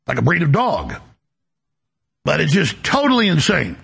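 Man, talk host, ranting monologue, swooping animated pitch, raspy. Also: normal speed. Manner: emphatic, rambling, repeats words when ranting.

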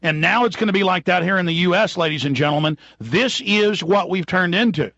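A man's voice: high voice, brisk, sharp tone, no echo, muffled recording. A man hosting a talk radio show, speaking in an emphatic, indignant rant. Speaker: radio host.

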